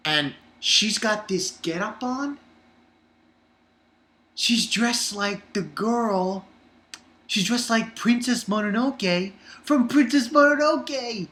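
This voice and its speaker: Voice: mid-range voice, lively intonation, slow, pushed and bright. Casual anime recap voice, rambly, swears a lot, echoey room. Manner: chatty, swears, rambling with many fillers. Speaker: anime reviewer. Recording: roomy echo.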